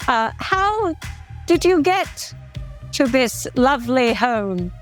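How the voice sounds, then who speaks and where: A sly schemer who flatters in halting bursts , as a woman plays her. Her voice sits fairly high. Faint music runs behind. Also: heavily acted. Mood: fawning.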